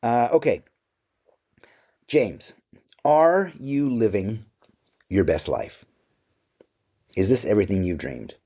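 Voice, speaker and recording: A man voicing a mock-serious male interviewer in a lower, deadpan voice. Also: slow, long pauses, heavily acted.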